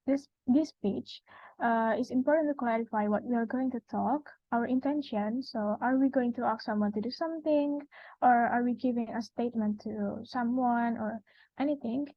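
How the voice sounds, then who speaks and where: A woman's voice: a little high, dry recording. A young woman with an Indonesian accent giving a class presentation, explaining step by step with frequent fillers. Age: young adult. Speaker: student presenter. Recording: dry, dull lo-fi recording.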